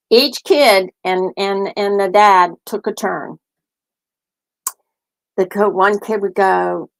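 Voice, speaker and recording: An older woman talks casually as a show host, spinning stories about her family in a chatty, unhurried way. She laughs often and slips into the voices of her kids, husband and mother as she retells what they said. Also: lowish voice, fairly bright tone, rough recording. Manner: chatty storytelling, laughs often, acts out family members' lines. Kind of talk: casual chat.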